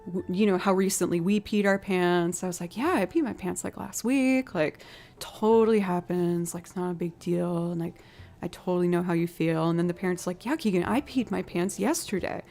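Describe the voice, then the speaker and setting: A woman's voice: fairly low pitch, fairly even intonation, brisk, a little mellow, faint music behind. A young woman musician chatting casually on a live stream, telling stories and thanking viewers for donations. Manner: chatty storytelling, reads out donations.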